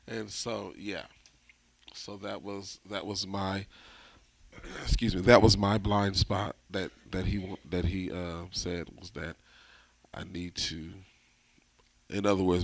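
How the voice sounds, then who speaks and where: Slow-talking man leading a church group. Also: deep voice, fairly even intonation, vocal fry, no room sound. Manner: joking, loose, many fillers.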